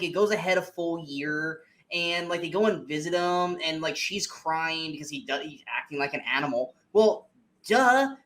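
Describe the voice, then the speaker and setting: A man co-hosting a movie review podcast, ranting in an animated, exasperated way with plenty of swearing. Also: high-pitched. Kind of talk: casual movie review chat.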